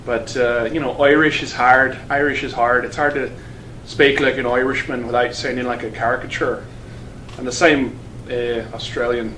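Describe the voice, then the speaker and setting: A man in his thirties, a teacher, talking casually about his career with halting restarts. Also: medium pitch, a bit bright. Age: 30s. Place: school building. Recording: roomy and distant with faint noise.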